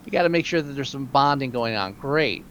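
A man co-hosting a podcast in casual movie chat, wry and opinionated, quick to joke. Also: mid-range voice, expressive, a bit bright, muffled recording, a little hiss or hum. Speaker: podcast co-host.

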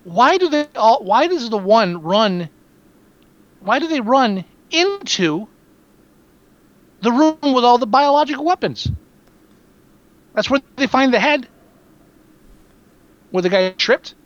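A man's voice: extremely high pitch, slow, pauses often, dry recording. Snarky guy picking apart a movie, swears a lot, dull lo-fi sound. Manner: sarcastic, animated, swears a lot. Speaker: podcast co-host reviewing a film. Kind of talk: casual profane movie chat.

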